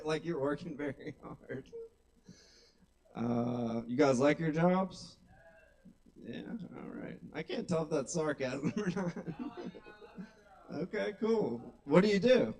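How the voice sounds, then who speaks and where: A young man doing deadpan stand-up comedy at a small open mic, drawling his setups and then snapping out his punchlines. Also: medium pitch. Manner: deadpan, drawn-out delivery with sudden loud punchlines. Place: small kava bar stage.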